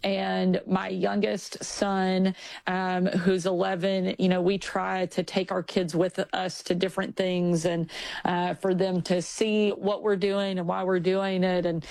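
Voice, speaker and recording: A woman's voice: on the low side, little pitch movement, unhurried, vocal fry, a little mellow, no room sound. A woman in her forties, a governor appearing as a podcast guest, telling personal anecdotes casually with frequent fillers. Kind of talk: casual interview storytelling.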